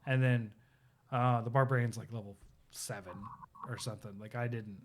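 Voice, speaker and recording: A man's voice: medium pitch, moderate pace, slight background noise. A man co-hosting a live stream, telling a game story in casual chat with lots of fillers and acted-out quotes. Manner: animated storyteller, acts out quotes, many fillers. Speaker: podcast co-host. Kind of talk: casual chat about video games.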